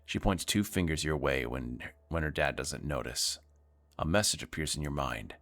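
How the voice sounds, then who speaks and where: A man's voice: very deep voice, moderate pace, fairly bright tone. A man streaming himself reading a narrative game aloud, with wry asides between the lines.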